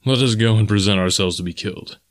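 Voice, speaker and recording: A man voicing a blunt wild man raised in the jungle, speaking flat and plain. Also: fairly low pitch, fast talker, no room sound, natural voice. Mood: dry.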